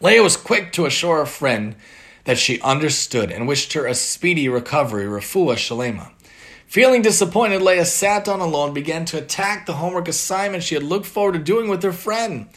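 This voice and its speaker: A man's voice: a little high, expressive, a little fast, fairly bright tone. A man earnestly giving a religious moral lesson and reading a story aloud. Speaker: religious teacher.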